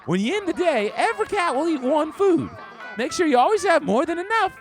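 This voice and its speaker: A man voicing a flamboyant, gossipy male neighbor in a game, with a campy, theatrical, drawn-out delivery. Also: very high voice, big pitch swings, faint music behind, exaggerated voice. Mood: chatty. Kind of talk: game character dialogue.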